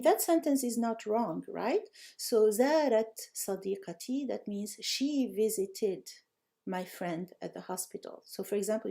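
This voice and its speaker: A woman's voice: mid-range voice, vocal fry, warm tone. A woman teaching a live online language lesson, praising students often and reading out and correcting their answers.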